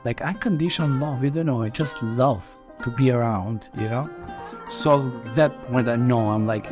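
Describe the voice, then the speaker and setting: A man's voice: medium pitch, moderate pace. A man, telling a personal story in a casual, loose way full of "like.". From Albania. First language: Albanian. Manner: loose, rambling, peppered with "like". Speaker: guest. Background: guitar music.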